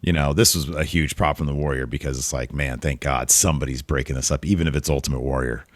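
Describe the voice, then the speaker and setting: A man co-hosting a casual wrestling review podcast, joking and talking in an animated way. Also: fast talker, no room sound. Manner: animated, jokey, jumps into higher pitch for emphasis. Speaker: podcast co-host.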